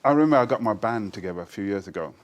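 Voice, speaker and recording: A man's voice: lowish voice, racing. A man in his sixties from Birmingham, speaking with a Birmingham accent touched by Jamaican speech, telling stories in a casual interview and often laughing. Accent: Birmingham English with Jamaican influence. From Birmingham, England. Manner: animated, laughs often, breaks into quoted voices. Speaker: interview guest, poet.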